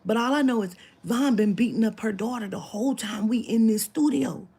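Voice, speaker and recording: A woman telling a story to camera, animated and profane, dropping into whispered asides. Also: on the high side, fairly quick, breathy edge. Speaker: spiritual reader telling a story.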